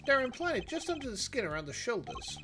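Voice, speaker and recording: A man's voice: very high-pitched, big pitch swings, brisk, music in the background, voice pushed up. A man voicing a cheery, breezy male animal keeper while reading game dialogue aloud. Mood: chipper. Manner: breezy, chummy.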